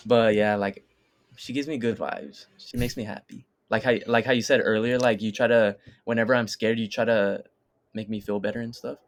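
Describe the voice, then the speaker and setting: A young man co-hosting a podcast, chatting casually with slang, fillers and frequent restarts. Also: lowish voice. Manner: laid-back, slangy, many fillers and restarts. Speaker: podcast co-host. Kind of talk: casual chat.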